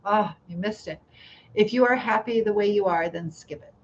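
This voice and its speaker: A chatty middle-aged woman hosting a live chat, talking at a middle pitch and breaking into laughs now and then. The sound is dull and lo-fi, like a home live stream. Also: normal speed, slight background noise. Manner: chatty, laughs often, reads viewer comments aloud. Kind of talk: casual live chat reading comments.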